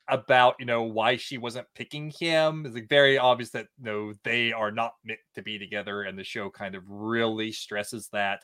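A man co-hosting a podcast, giving his opinions quickly and emphatically. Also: fairly low pitch, a bit bright. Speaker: podcast co-host. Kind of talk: casual podcast discussion.

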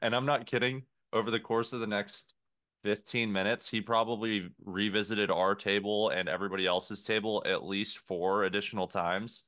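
Young male podcast co-host, animated storyteller who laughs mid-sentence; low-set, bright voice, dry sound. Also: moderate pace, no room sound. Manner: animated storyteller, laughs through his anecdotes. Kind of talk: casual chat.

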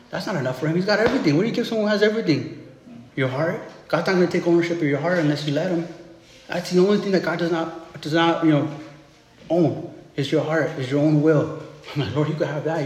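Male pastor, slightly high-pitched, chatty sermon delivery with lots of restarts, recorded in a reverberant hall. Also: a little hiss or hum. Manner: conversational, tag questions and restarts. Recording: echoey hall with long reverb.

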